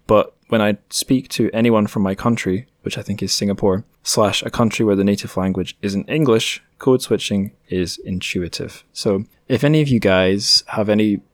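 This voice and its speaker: A Scottish man talks through listener notes in a loose, rambling way. His voice sits low, and the sound is dry and close with no room around it. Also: moderate pace, hardly any pauses, dry recording. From Scotland. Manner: chatty, rambling, self-correcting. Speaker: podcast host. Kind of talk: casual solo podcast chat.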